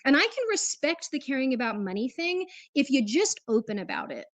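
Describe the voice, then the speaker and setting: Candid woman, slightly high voice. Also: big pitch swings, no room sound. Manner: candid, measured, reflective. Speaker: podcast guest, former co-host. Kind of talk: casual chat.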